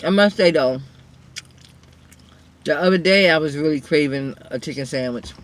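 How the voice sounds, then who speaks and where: A woman's voice: low voice, normal speed. A woman hosting an eating show, chatting casually and directly to her viewers between bites. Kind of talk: casual mukbang chat to viewers.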